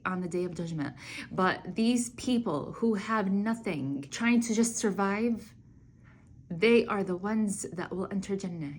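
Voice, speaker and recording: A woman's voice: medium pitch, a little hiss or hum. An earnest young woman tells a religious story and then reflects on it in a heartfelt way. She talks casually, with plenty of "like" and "you know" as she goes. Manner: earnest, conversational, many fillers. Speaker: Islamic speaker.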